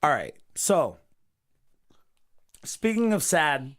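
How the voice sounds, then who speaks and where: A man hosting a casual late-night podcast, swearing a lot and swinging from low mumbles into shouted rants. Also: wildly swooping pitch, extremely slow. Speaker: podcast host.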